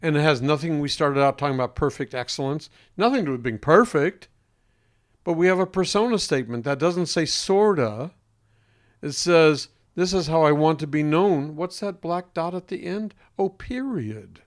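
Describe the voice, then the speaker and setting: A man with a somewhat higher voice explains ideas to an interviewer as a voice coach. He speaks with deliberate emphasis and leaves pointed pauses. His tone carries a trained singer's control. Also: lively intonation.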